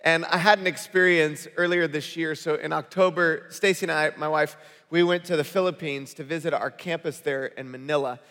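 A man preaching a sermon to his congregation, telling stories in an animated, conversational way. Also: on the high side, normal speed. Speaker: pastor. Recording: long hall reverb.

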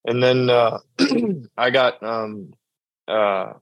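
A man's voice: mid-range voice, very animated, no echo, rough recording. Casting: young man, rodeo cowboy storyteller, easygoing mid-range voice, dead-dry studio sound. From New York state. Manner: drawn-out storytelling, acts out quoted dialogue. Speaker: bull rider guest. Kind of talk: casual storytelling interview.

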